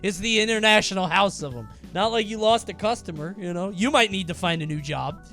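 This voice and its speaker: A young man streaming himself reacting to viewer stories, animated and quick to exclaim and swear. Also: sits high, faint music behind. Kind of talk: casual reaction commentary.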